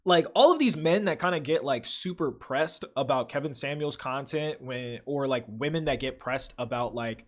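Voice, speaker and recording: A man's voice: fairly high pitch, sing-song, moderate pace, a bit bright. A young man hosting a livestream, reading viewer comments aloud and chatting in loose, profane slang full of fillers. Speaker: livestream host.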